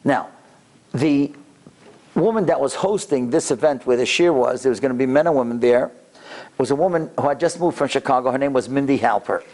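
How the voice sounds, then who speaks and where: A rabbi giving a lecture in a synagogue, telling a story in an animated way and acting out the quotes. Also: male voice, mid-range voice, brisk. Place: synagogue sanctuary.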